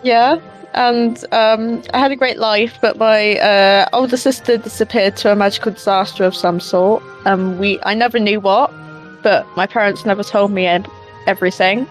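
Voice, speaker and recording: A woman playing a tabletop game, telling her character's backstory with hesitant pauses and fillers. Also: medium pitch, fairly even intonation, faint music behind. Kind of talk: in-character storytelling.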